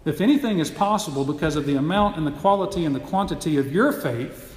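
A man's voice: on the high side, lively intonation, fast, a little mellow. A man preaching a sermon, teaching earnestly and building to emphatic, repeated phrases. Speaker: pastor. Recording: echoey hall, long reverb.

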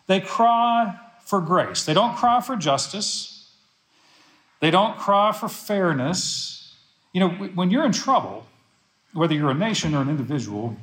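Preacher man, fairly high voice, lively and emphatic, repeats lines to drive them home, echoey church room. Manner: emphatic, repeats phrases for stress. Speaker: pastor. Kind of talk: sermon.

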